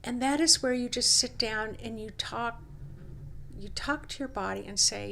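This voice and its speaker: A woman hosting a reflective self-help talk, coaxing and unhurried, who slips into quoted inner dialogue. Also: on the high side, creaky, a bit bright, a little hiss or hum. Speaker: host.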